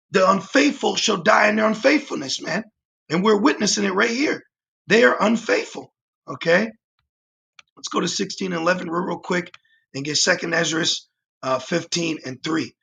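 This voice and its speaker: A man with a high voice, roughened by a gravelly fry, preaches over a livestream. He reads scripture aloud and drives each point home, often tagging "man" onto his lines and stumbling through fillers and restarts. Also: a bit bright. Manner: emphatic, repeats "man" as a tag; halting, with frequent fillers and restarts. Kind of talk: livestreamed sermon with scripture reading.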